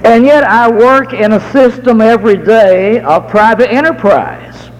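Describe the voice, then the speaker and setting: A middle-aged American man preaching a sermon, telling folksy stories and slowing down to stress key words. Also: very high voice, long reverb tail, low-quality recording. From United States.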